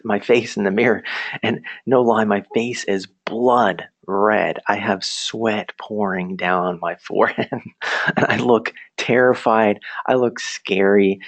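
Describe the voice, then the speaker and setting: A young man with a somewhat low voice tells a personal story to a virtual class. He is chatty and self-deprecating, laughs often and keeps asking his audience questions. The sound is dry and close, with no room echo. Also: fairly bright tone. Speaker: presenter telling a personal story.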